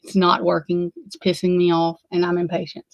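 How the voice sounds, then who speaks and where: A woman's voice: on the low side, completely flat delivery, brisk, creaky, no room sound, low-quality recording. Flustered, swearing woman livestreaming. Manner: flustered, rambling, swears freely. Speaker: livestream host. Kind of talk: casual livestream chat.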